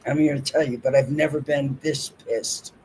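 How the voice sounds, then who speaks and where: A man's voice: medium pitch, steady tone, normal speed, a little mellow, slight background noise, rough recording. A man co-hosting a casual livestream, talking emphatically, repeating himself and restarting his sentences. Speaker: livestream co-host.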